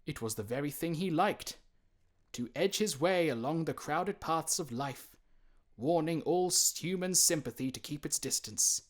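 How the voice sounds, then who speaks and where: A man narrating a classic storybook in a measured, expressive reading, acting out the quoted characters. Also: a little high. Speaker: audiobook narrator.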